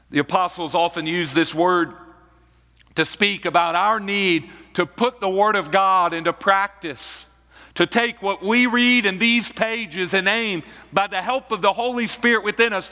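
A man preaching a sermon as pastor, slow and deliberate, repeating key phrases for emphasis. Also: sits high, sharp tone, in a large hall.

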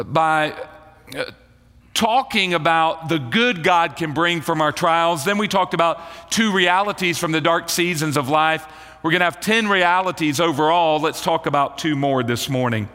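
A male pastor preaches a sermon in a bright, forceful voice pitched a little high. He leans into key words and slows his phrasing for drama. His voice rings out with the long reverb of a large hall. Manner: preaching with rising emphasis and slowed dramatic phrasing.

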